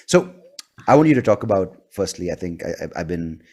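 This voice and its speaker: A man hosting a podcast, a comedian who talks in an animated, opinionated way and often jokes. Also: deep voice. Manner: animated, opinionated, quick to joke. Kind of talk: casual conversation.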